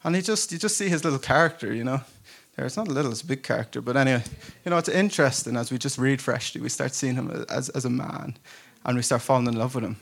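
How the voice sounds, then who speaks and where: A male pastor preaching to his congregation with a relaxed, chatty delivery. He tells stories like a friend would, pokes fun at himself and often breaks into a laugh. His voice sits at an ordinary middle pitch for a man. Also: fast talker, vocal fry, few pauses. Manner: casual storytelling, self-deprecating humor, laughs often. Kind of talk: conversational sermon. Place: church service before a congregation.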